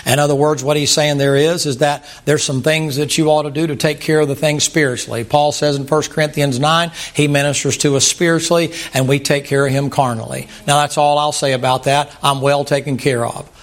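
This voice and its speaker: A man's voice: on the high side, level tone, brisk, few pauses. An older man, a pastor giving a folksy, humorous sermon. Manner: folksy, humorous, plainspoken preaching.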